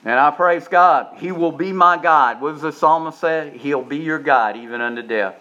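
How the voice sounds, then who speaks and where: Older preacher, emphatic and rising. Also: male voice, on the high side, moderate pace, sharp tone. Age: 70s. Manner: repeats words, rises to emphatic preaching. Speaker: pastor. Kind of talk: sermon. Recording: dull lo-fi sound.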